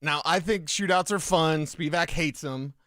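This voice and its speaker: Higher-voiced man bantering on sports radio. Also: a bit bright, no echo, studio quality. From Colorado. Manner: upbeat banter with quick interjections and laughs. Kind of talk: casual sports talk. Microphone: studio mic.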